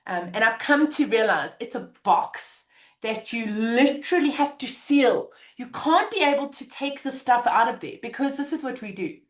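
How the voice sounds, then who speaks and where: A woman co-hosting a relaxed podcast chat, talking in a gentle, reflective way and acting out her own self-talk. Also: on the high side, moderate pace, echoey room. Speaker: podcast co-host. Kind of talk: casual conversational chat.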